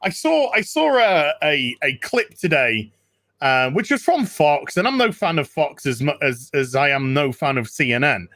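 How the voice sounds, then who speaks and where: A man with a high, bright, cutting voice rants in a casual podcast chat and swears constantly. The sound is dry and close, with no room around it. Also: big pitch swings, normal speed, no echo. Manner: profane, ranting. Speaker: podcast guest.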